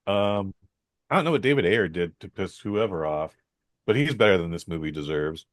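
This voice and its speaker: A man's voice: deep voice, lively intonation, normal speed, no echo. A man hosting a podcast, rambling through a casual film review with many fillers, restarts and some swearing.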